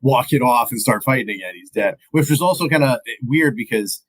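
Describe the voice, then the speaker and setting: A man's voice: medium pitch, expressive, brisk, rough recording. A man co-hosting a podcast, casually retelling movie scenes and laughing often. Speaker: podcast co-host. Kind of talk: casual movie recap chat.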